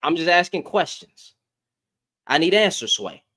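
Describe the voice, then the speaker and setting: A man ranting in a casual, slangy reaction commentary, heated with loud bursts. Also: on the high side, big pitch swings, a little slow.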